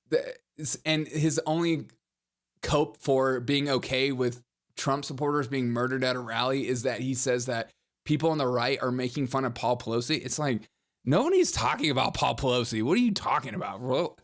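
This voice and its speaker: A man hosting a live-streamed political commentary show, reading headlines and super chats with sarcastic jokes and frequent laughter at his own lines. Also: mid-range voice.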